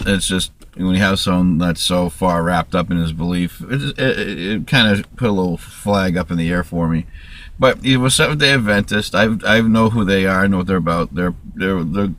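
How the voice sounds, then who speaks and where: A man's voice: sits low, fairly bright tone. A man ranting in a rambling, profane monologue to camera, restarting sentences often. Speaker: vlogger.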